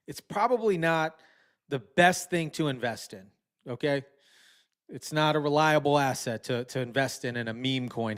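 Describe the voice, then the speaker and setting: A man's voice: mid-range voice, a bit bright. A man hosting a commentary channel, talking bluntly and indignantly, often repeating himself. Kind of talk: casual online commentary.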